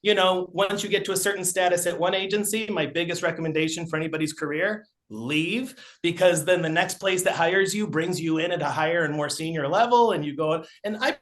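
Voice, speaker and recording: A man's voice: high voice, fairly quick, few pauses, a bit bright. A middle-aged man and podcast guest, telling casual, rambling anecdotes full of fillers. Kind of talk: casual storytelling.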